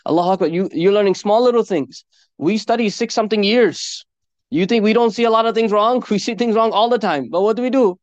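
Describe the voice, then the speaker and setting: Male preacher, informal sermon, quick and earnest, slightly raised voice, dull dry lo-fi sound. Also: sits high, no room sound. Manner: earnest, conversational, peppered with Arabic phrases. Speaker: Islamic preacher.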